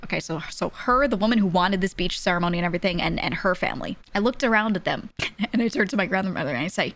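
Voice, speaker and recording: A woman's voice: lowish voice, fairly bright tone. A woman streamer telling a story casually, laughing often between lines, candid and swearing freely.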